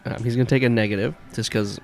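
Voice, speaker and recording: A man's voice: medium pitch, fairly even intonation, quick pace, a little hiss or hum. A man running a tabletop horror game as game master, narrating loosely and laughing often.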